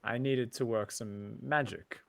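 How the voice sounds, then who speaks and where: A man playing a formal young wizard, gravelly. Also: mid-range voice, fairly even intonation, a bit bright, no echo. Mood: polite. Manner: stiff, polite, measured.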